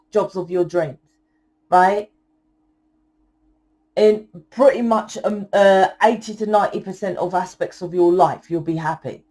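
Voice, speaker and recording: A young woman giving a channeled tarot reading in a forceful, blunt lecturing way, swearing often. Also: mid-range voice. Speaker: tarot reader.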